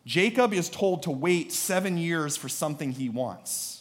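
A male pastor preaching a sermon, animated and joking, with sudden bursts of emphasis. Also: fairly high pitch, a little slow.

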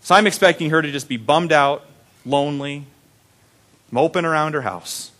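A young male preacher telling a personal story from the pulpit. His voice sits a bit high for a man, and his delivery is conversational and heartfelt. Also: normal speed, a bit bright. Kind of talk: sermon.

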